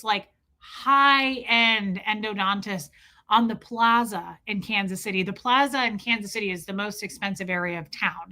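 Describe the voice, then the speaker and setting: A woman's voice: on the high side, pushed and bright. A woman, telling a personal story to her viewers in a chatty, emotional way, full of "like". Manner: chatty, heavy use of "like", emotional. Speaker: vlogger.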